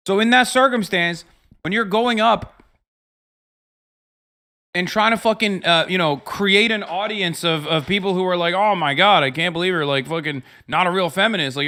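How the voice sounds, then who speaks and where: Man, streamer, profane rant, fairly high voice, bright and forceful tone. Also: normal speed. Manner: profane, ranting, swings into loud mocking voices. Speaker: streamer reacting to videos. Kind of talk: casual livestream commentary.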